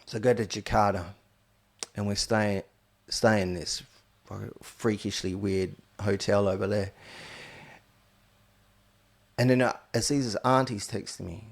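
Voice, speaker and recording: A man's voice: fairly low pitch, fairly even intonation, measured pace, vocal fry, long pauses. A man, a podcast host, telling a rambling, blunt, profane story about his own life. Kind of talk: candid storytelling monologue.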